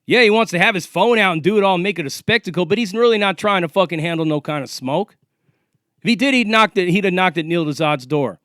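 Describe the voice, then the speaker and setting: A man's voice: high voice, expressive, fast talker, a bit bright, dry recording, clean studio sound. A man in his forties, from California, ranting to the camera in a confrontational, profane and taunting way. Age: 40s. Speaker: vlogger.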